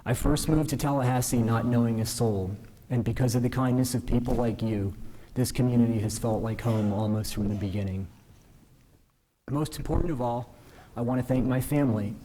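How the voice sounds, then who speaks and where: A man giving a measured, earnest formal speech at a ceremony, modest and self-deprecating. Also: medium pitch, warm tone, slight background noise. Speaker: newly invested justice giving a speech. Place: ceremony hall.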